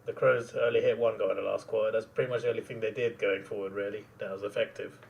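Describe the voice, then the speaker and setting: A young man reacting live to a football match, excitable and quick to laugh, sometimes trailing off into mumbles. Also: fairly low pitch, gravelly, far from the mic, a little hiss or hum.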